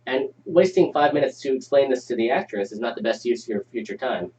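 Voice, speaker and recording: A man's voice: mid-range voice, a little fast, far from the mic, low-quality recording. A man hosting a live script review show, casually chatting and reading scene directions aloud. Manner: animated, reads stage directions aloud.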